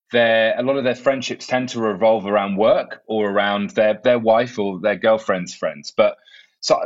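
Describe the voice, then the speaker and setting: In a casual interview, an author from England in his thirties lays out his ideas with a lowish voice, clear and explanatory despite the occasional small restart. The sound quality is dull.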